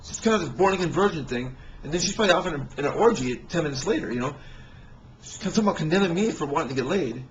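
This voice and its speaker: Halting, rambling man, slightly high voice. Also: expressive, lo-fi sound, a little hiss or hum. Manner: halting, many restarts and fillers. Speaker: speaker telling personal stories. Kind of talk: rambling personal monologue.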